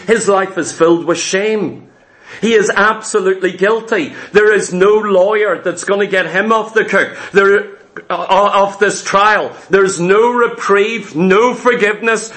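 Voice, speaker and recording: A man's voice: sits high, fairly bright tone. A male preacher delivering a sermon, telling a Bible story dramatically and acting out what the characters say.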